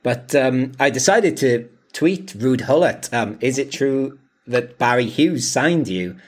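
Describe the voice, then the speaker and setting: A man's voice: medium pitch, animated, takes it slowly. A man co-hosting a casual podcast, rambling with many fillers and restarts and laughing often. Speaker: podcast co-host. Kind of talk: casual chat.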